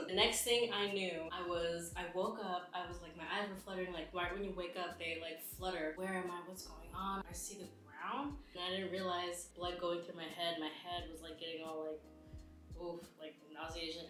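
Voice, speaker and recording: Young woman, casual storytime vlogger, slightly low voice, animated quoting, very echoey room. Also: a little fast. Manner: animated, acts out quotes, many fillers. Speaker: mukbang vlogger.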